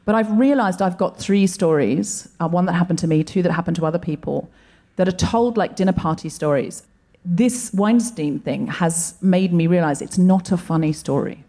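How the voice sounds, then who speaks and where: A woman comedian talking to a live audience on stage in a thoughtful, measured way. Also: on the low side, mellow. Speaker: comedian, co-host.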